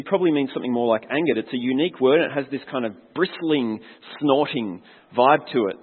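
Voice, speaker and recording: A man's voice: a little high, husky. A man preaching a sermon as a pastor, earnest and reflective, putting questions to his congregation. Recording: long hall reverb, tinny phone-like sound.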